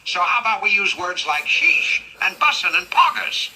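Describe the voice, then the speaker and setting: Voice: mid-range voice, animated, moderate pace, pushed and bright, low-quality recording. A synthetic voice playing a proud middle-aged male cartoon detective who complains in a huffy, exasperated way. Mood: grudging. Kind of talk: AI character chat role-play.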